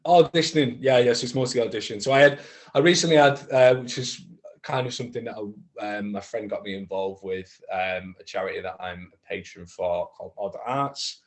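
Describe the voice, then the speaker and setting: A man, an actor chatting casually as a guest, full of restarts that build into emphatic advice. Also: on the low side. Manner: halting, many restarts, gets emphatic giving advice. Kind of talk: casual chat.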